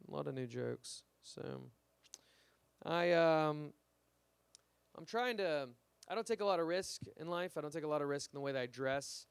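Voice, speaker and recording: A man's voice: medium pitch, normal speed, gravelly, clear, resonant tone, no echo. A young man doing a rambling, self-deprecating stand-up comedy set in a small club. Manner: self-deprecating, rambling, acts out little quoted voices. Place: small live music club with audience.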